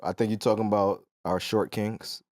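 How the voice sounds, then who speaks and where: A young man co-hosting a casual podcast, relaxed, affirming the others and cracking jokes. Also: fairly low pitch, moderate pace, crowd noise. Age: young adult. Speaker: podcast co-host.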